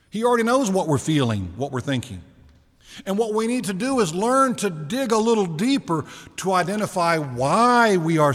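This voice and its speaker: A male pastor giving a sermon in a relaxed, conversational way, asking the congregation questions and slowing down to stress key words. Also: high-pitched. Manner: conversational preaching with rhetorical questions and slowed emphasis. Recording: long reverb of a large hall.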